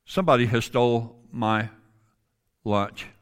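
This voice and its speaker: A preacher voicing big bold schoolboy Tom. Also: male voice, medium pitch, measured pace, smooth, close to an everyday voice. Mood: blunt.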